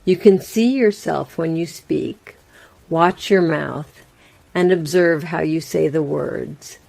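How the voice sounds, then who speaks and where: A woman reading a scripted English lesson as a teacher, in a slow, plain and carefully spaced way. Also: low voice, vocal fry, dark tone, no echo.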